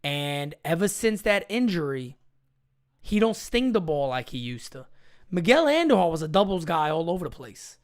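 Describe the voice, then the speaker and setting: A man's voice: a little high, sing-song, normal speed. A man hosting a casual sports live chat, talking in a blunt, rambling way and reading out viewer comments. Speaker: live-stream sports show host.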